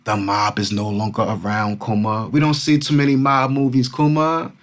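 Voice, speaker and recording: A man's voice: fairly low pitch, moderate pace. A man from Brooklyn, hosting a casual crypto vlog and talking animatedly to his followers. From Brooklyn, New York. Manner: animated, repetitive, keeps addressing fans as Kumas. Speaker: crypto channel host.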